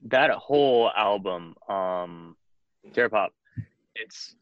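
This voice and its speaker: A man's voice: fairly low pitch, expressive, fairly bright tone, no echo. Male fan interviewer, eager and rambling, dry lo-fi sound. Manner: enthusiastic, rambling, slow drawl.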